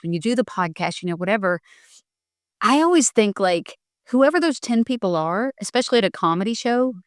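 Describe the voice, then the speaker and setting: A woman's voice: medium pitch, no room sound. Earnest storytelling woman, dry close mic. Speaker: comedian guest. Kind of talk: casual podcast chat.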